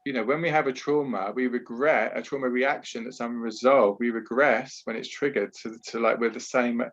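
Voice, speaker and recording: A man's voice: medium pitch, fairly even intonation, normal speed, a bit bright, highs cut off. A man working as a trauma therapist and talking earnestly in a podcast interview over a video call, explaining at length with frequent restarts. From Britain.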